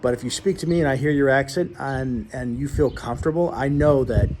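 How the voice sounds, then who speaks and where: A man's voice: medium pitch, fairly quick, background noise. A man hosting his own show, ranting bluntly and rambling to his viewers with many restarts. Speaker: show host. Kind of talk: casual rant to viewers.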